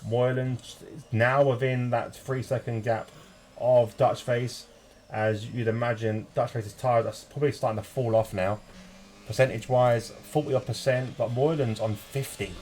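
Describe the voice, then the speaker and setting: A British man commentating a sim race, jokey and rising to excited shouts. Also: mid-range voice, normal speed, rough recording. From United Kingdom. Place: home room with children nearby. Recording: loud background noise.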